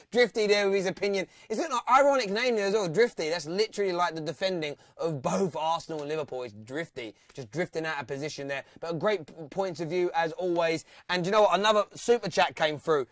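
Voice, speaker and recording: A man hosts a live football phone-in for fans, chatty and teasing and laughing often. His voice is on the high side. The studio-quality recording has no room sound.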